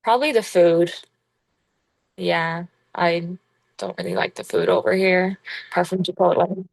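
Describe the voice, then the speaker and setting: A young Irish woman being interviewed, talking in a relaxed, rambling way with plenty of fillers. Her voice sits low for a woman. The sound is dry and close, with no room echo. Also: a little slow, vocal fry. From Kilkenny, Ireland. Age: young adult. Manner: chatty, laid-back, full of fillers. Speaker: college basketball player, guest. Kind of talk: casual interview chat.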